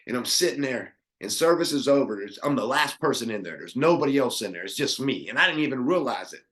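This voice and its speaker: A middle-aged man, a podcast guest, telling a personal story in an earnest, animated way with many restarts. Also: mid-range voice, fast talker.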